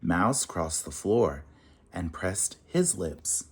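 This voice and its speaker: A man reading a rhyming children's picture book aloud in an expressive, sing-song way. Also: low voice, slow, husky.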